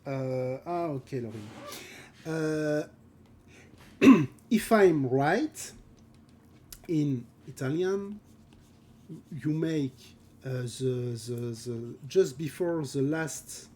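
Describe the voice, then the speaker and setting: Slow, mellow French-accented man. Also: a little high, expressive. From France. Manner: halting, searches for words, often laughs. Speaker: concept artist streaming live. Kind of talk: casual chat while drawing on stream.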